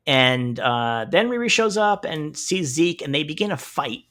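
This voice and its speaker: A man co-hosting a podcast, recapping a TV show in casual chat, animated and swearing freely. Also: fairly high pitch, normal speed. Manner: animated, swears freely, acts out characters' lines in retelling. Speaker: podcast co-host.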